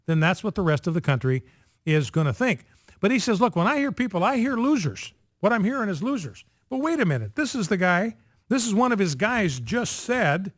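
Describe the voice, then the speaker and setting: A man's voice: sits high, fairly bright tone, no echo, clean studio sound. A man hosting a talk radio show, delivering an indignant, sarcastic opinion monologue that repeats phrases for emphasis.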